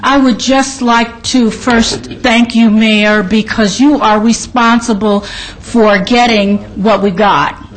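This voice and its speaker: A woman's voice: fairly high pitch, steady tone, slow pace, low-quality recording. A woman giving polite, slightly hesitant public comment to a city council.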